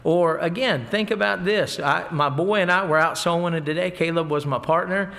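A man's voice: on the high side, normal speed, vocal fry, bright, forceful tone. A middle-aged man preaching a folksy sermon, mixing scripture with stories. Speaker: pastor.

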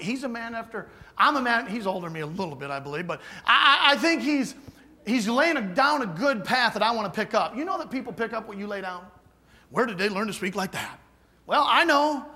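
A man's voice: extremely high pitch, sharp tone. A man preaching a folksy, emphatic sermon full of asides to the congregation. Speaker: guest preacher.

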